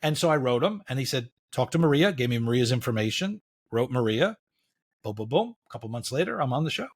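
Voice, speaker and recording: A middle-aged podcast guest with a mid-range voice talks fast as he tells a story in a casual, animated way. He acts out what people said, filling gaps with "da, da, da."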